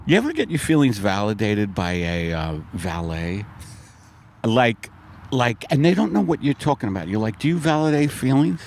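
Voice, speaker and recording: A man hosting a comedy podcast in casual chat, animated, swinging between loud bursts and low mutters. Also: moderate pace, creaky, a little hiss or hum. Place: outdoors in a park.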